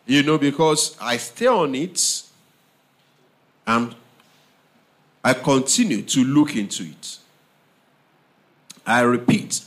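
A man preaching a sermon, slow and emphatic, repeating phrases and often asking the audience if they understand. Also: mid-range voice, animated.

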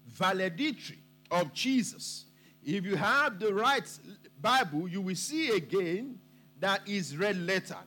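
Guy preaching a sermon, high pitched, slow deliberate delivery, repeats stuff for emphasis. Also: pushed and bright.

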